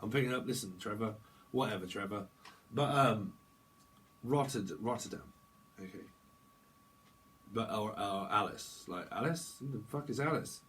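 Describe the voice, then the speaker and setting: A man's voice: on the low side, moderate pace, pauses often, fairly bright tone, low-quality recording. Rambling, swearing tarot reader, man. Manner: rambling, swearing, laughing often, slangy. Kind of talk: casual tarot reading monologue.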